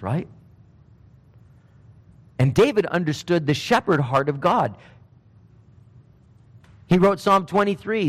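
Male preacher, higher voice, animated storyteller, reverberant hall sound. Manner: animated storytelling, acting out Bible figures in casual speech. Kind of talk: sermon.

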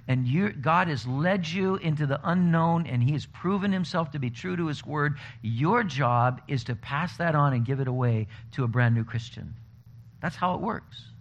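Pastor preaching, slightly high voice. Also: male voice. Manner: conversational, animated storytelling. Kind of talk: sermon. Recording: dull lo-fi recording with faint noise.

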